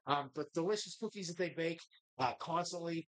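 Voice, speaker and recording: A man's voice: on the high side, brisk, a bit bright. A man hosting a live bar show, chatting casually in a rambling, profane, jokey way.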